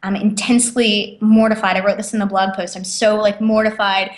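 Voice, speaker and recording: A woman telling stories as an interview guest, lively and quick with lots of fillers. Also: medium pitch. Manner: animated, quick, many fillers and acted quotes. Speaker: guest, author and speaker. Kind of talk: casual interview storytelling. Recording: echoey room.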